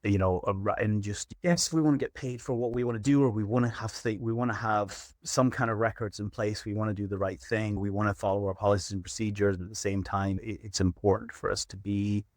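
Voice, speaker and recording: A middle-aged man with a low voice tells workplace stories in a relaxed interview. Now and then he slips into a firm, stern tone as he replays what he said to difficult clients. The sound is dry and close, with no room around it. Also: fairly quick, hardly any pauses, no echo. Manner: acts out his own stern warnings to clients. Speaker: veterinary practice manager, guest. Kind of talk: casual storytelling interview.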